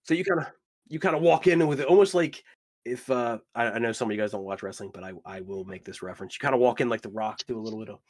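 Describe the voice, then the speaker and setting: A man running a tabletop game as game master, casual and animated, swearing often. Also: mid-range voice, quick pace.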